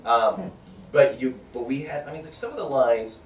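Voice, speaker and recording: A man, a voice actor, telling stories casually in a convention press interview, animated and often laughing. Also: mid-range voice, moderate pace, slight background noise. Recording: roomy echo, mic at a distance.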